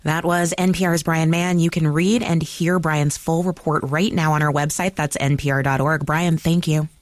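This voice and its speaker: A woman hosting a radio news program, questioning and thanking a reporter in a crisp, conversational way. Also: deep voice, fairly even intonation, normal speed, dry recording. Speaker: news show host. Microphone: studio mic.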